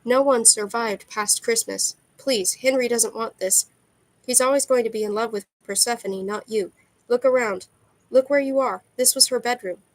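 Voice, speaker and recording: A woman's voice: on the high side, moderate pace, no room sound, natural voice, low-quality recording. A woman voicing an earnest young male god who pleads urgently in a read-aloud novel. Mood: pleading.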